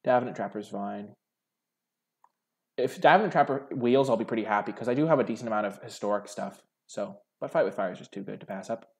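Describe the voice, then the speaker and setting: A man's voice: lowish voice, brisk, creaky. A young man hosting a card game video, thinking aloud over his draft picks in a musing, hesitant way full of filler words.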